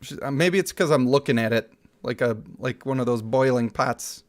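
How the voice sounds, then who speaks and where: A man's voice: mid-range voice, moderate pace. A young man casually commenting on a mobile game and reading its story aloud, jokey and laughing often.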